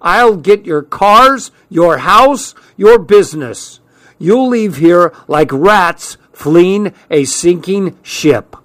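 A man's voice: high-pitched, expressive, extremely slow, few pauses, no room sound, voice pushed up, heavily acted. A man voicing an arrogant, furious male debt collector who hollers and screeches, in an audiobook story. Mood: screeching.

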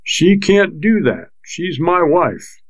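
A man reading a novel aloud, voicing a drunken husband whose slow, fuzzy speech turns shaky with fury. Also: medium pitch, animated, a little mellow, no room sound, rough recording. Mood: raging. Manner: slurred and slow, then shaking with fury. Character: drunken, violent frontier husband, grown man. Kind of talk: audiobook character voice.

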